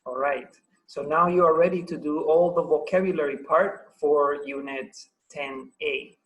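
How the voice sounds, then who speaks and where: A man's voice: fairly high pitch, steady tone, unhurried, narrow, tinny audio. A man with a Paraguayan Spanish accent teaching an English grammar class over a video call, patient and encouraging, asking the students lots of questions.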